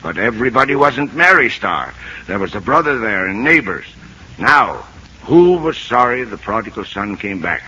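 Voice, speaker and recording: A proud, homespun country old-timer in a vintage film. He talks in a plain rural drawl, halting with little "uh"s. His voice is very bright and a little husky. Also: lowish voice, very animated, highs cut off, exaggerated voice. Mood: coaxing. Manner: folksy rural speech, halting with "uh". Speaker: guardian teaching a girl. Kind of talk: 1940s film acting.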